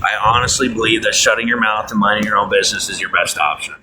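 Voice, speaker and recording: A man's voice: fairly low pitch, fairly even intonation, fast, noisy background. An angry man in a profane, repetitive rant, talking outdoors at night beside a bus bench. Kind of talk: angry monologue.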